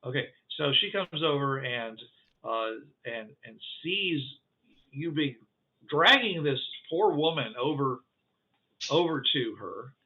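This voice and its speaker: A man's voice: medium pitch, expressive, takes it slowly. A man narrating as game master of a tabletop game, rambling with many fillers. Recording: tinny phone-like call audio.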